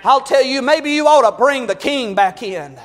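A man preaching a fervent sermon, rising to shouts. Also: very high-pitched, animated, moderate pace, long reverb tail.

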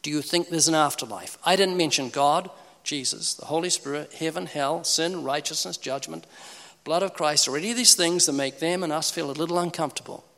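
Animated evangelist. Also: male voice, fairly high pitch, brisk, vocal fry. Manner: animated, humorous, acts out conversations. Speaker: evangelist speaker. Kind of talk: preaching talk with acted dialogues. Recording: echoey hall reverb.

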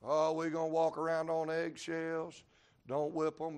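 A male preacher delivering a revival sermon, storytelling in a folksy way and breaking into sudden shouts. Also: on the high side, completely flat delivery, measured pace, smooth. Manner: preaching with sudden shouted peaks and Southern folk sayings.

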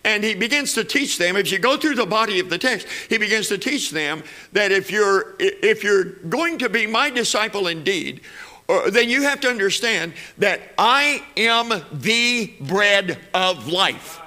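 High bright-voiced male preacher. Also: animated, a little slow. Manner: rising to emphatic peaks, repeating phrases. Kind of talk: sermon.

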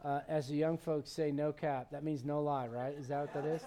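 A male pastor preaching a sermon, animated and conversational, with frequent restarts. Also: a little high, fairly quick.

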